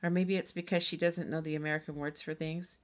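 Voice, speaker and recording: A woman's voice: low-pitched, little pitch movement, brisk, close to an everyday voice. A woman voicing a curious, persistent young girl in a storybook who keeps asking questions. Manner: inquisitive, pushy questions.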